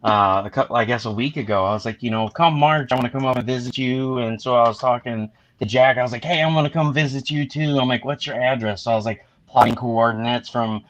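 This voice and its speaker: A man's voice: medium pitch, quick pace, hardly any pauses, a bit bright, no echo, muffled recording. A man hosting a casual live stream, rambling through a story and acting out what his friends said. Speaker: host.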